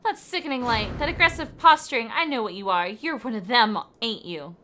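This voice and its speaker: Loud, bright, combative game dwarf read by a woman, folksy and spoiling for a fight. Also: on the high side, fairly quick, slight background noise. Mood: hostile. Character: gruff belligerent male dwarf warrior.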